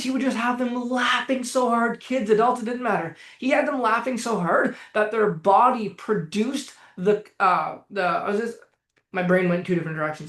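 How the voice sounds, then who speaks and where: A man's voice: high-pitched, fairly bright tone. A man coaching on anxiety in a live-streamed talk, blunt, emphatic and full of swearing. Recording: echoey room.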